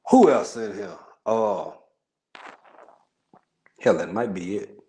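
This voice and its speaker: A man's voice: lowish voice, animated, slow, warm tone. A man from Texas with a Texan accent, hosting a livestream and chatting casually with viewers, joking, laughing often and rambling in asides. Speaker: livestream host. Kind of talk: casual chat with live viewers.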